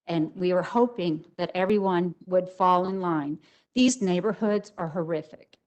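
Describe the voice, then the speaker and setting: A woman's voice: on the low side, unhurried, a little mellow, muffled recording. An older woman speaking as a resident at a public hearing, emotional and emphatic. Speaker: resident giving public comment.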